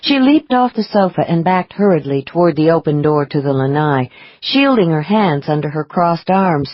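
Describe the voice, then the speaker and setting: Woman narrating an audiobook, low voice. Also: sing-song, moderate pace, dry recording, highs cut off.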